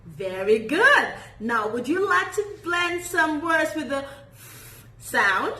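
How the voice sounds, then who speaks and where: A woman teaching a children's phonics lesson, modelling sounds slowly and praising warmly in a sing-song way. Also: high-pitched, very animated, echoey room, rough recording.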